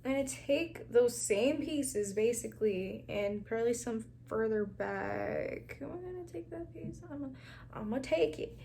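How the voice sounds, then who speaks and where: A woman's voice: fairly high pitch, expressive, normal speed, creaky, dark tone, slight background noise. Chatty young woman doing a hair tutorial. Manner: chatty, talks straight to viewers as "girl" and "y'all", laughs often; drops to a near whisper while twisting hair. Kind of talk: casual hair tutorial chat.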